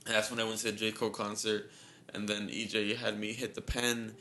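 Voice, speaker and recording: A man's voice: lowish voice, monotone, fairly quick, bright, forceful tone, slight background noise. A young man on a podcast telling a story in casual chat, rambling and repeating himself with a lot of "like", sounding shaky and nervous. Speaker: podcast co-host.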